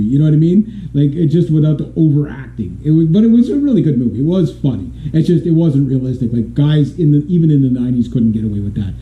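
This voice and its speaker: A man's voice: fairly high pitch, a little hiss or hum. A man in his forties from Canada, vlogging in a rambling, casual monologue, laughing often and restarting sentences. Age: 40s. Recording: tinny echoey lo-fi audio.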